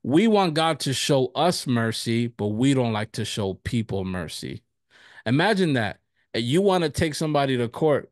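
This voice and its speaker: A male pastor teaching a casual bible study, telling personal stories with frequent laughter and animated retelling. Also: mid-range voice, dry recording, clean studio sound.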